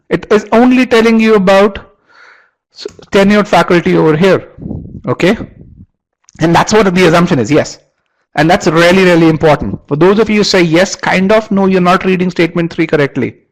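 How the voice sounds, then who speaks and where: A man's voice: high voice, lively intonation, moderate pace, pauses often, rough recording. A man teaching a live online webinar, often repeating words as he restarts and quizzing his audience. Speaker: online course instructor.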